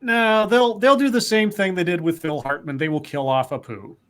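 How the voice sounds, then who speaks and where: A man's voice: high voice, normal speed, fairly bright tone. A man co-hosting a podcast, reading out news stories and quotes with frequent fillers and casual commentary.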